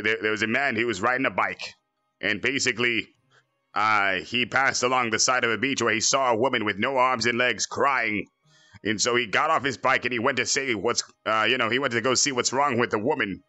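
A man doing a cocky, bright-voiced villain. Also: medium pitch, no room sound. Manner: boastful, crude, joking. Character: cocky arrogant male android villain, gamer. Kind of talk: fan parody voice acting.

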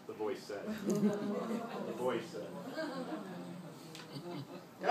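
An older male comedian telling a story on a live stage, with deadpan punchlines. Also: medium pitch, extremely slow, pauses often, slight background noise. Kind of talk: live one-man stage comedy monologue. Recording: echoey live room from far off.

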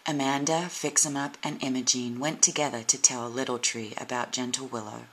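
Low, husky woman reading a storybook. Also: fairly even intonation, normal speed, few pauses, low-quality recording. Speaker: storybook reader. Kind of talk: children's story narration.

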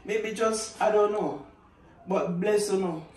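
Jamaican man, high pitched, cooking vlog host, echoey room, far from the mic. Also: slow. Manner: chatty, gives shout-outs in patois.

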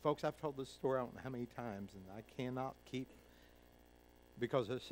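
This time the middle-aged Kentucky preacher is medium-pitched and a little fast as he shares a folksy personal story in his sermon, imitating others' voices and moving between hushed and loud tones. The poor audio has a little hiss or hum.

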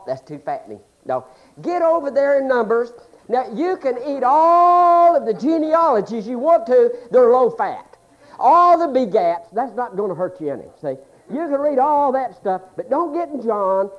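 A man preaching a humorous sermon in a folksy, joking way, swinging between loud exclamations and hushed asides. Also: extremely high pitch, lo-fi sound. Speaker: pastor.

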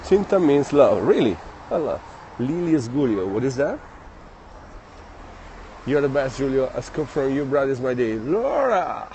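A man's mellow, sing-song voice of medium pitch unfolds unhurriedly as he livestreams on a walk through the city. Slightly breathless, he chats casually, reading and thanking viewers' comments over faint background noise.

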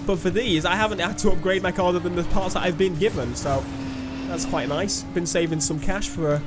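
Chatty lad commenting on gameplay. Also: male voice, high voice, brisk. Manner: chatty, self-mocking. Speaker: gaming YouTuber. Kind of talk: let's-play commentary. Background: game music.

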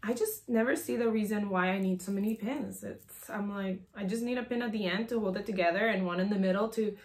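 A woman's voice: medium pitch, fairly quick. A woman in her thirties with a sore, strained throat, chatting casually through a home sewing tutorial with lots of "um"s and side stories. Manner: chatty and rambling, many "um"s and asides. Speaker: sewing pattern designer demonstrating a project. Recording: echoey room.

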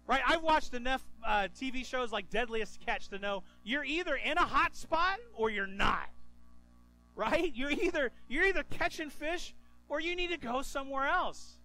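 A man preaching a sermon as pastor, animated and acting out the people in his stories. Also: very high voice, unhurried, soft background music, low-quality recording. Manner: animated, acts out quoted voices.

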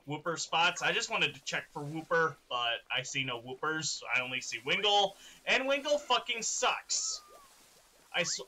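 A young man streaming a game, chatting excitedly with his viewers and laughing often. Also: fairly high pitch. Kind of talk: live-streamed gameplay chat.

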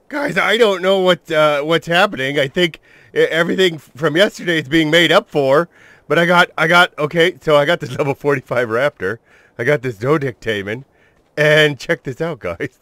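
A man giving excitable let's-play commentary as a gaming channel host, swearing mildly and talking to his viewers and the creatures he tames. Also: medium pitch, normal speed, dry recording.

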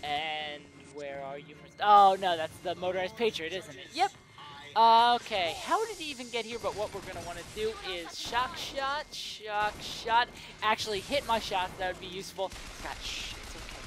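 A man narrating a video game playthrough in a fairly high voice, grumbling with irritation. He jumps between loud complaints and muttered attempts to soothe himself. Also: expressive, normal speed, low-quality recording. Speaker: video game let's player. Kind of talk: casual gameplay commentary.

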